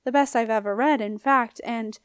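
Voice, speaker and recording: A woman's voice: fairly high pitch, normal speed, noisy background, close to an everyday voice. A woman reading an audiobook, voicing a nervous, resentful teenage boy who talks in a thin, faltering way. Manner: faltering, timid, then eager.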